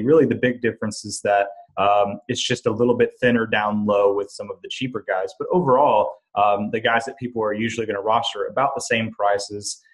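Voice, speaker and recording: A man hosting a sports podcast, steering the talk in an easygoing way with frequent ums. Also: on the low side. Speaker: podcast host. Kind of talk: casual podcast chat.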